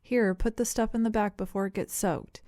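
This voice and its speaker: A woman narrator voicing an affable, chatty middle-aged gentleman who talks in a polite, rambling, breezy way. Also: mid-range voice, steady tone, moderate pace, no echo, clean studio sound, lightly acted.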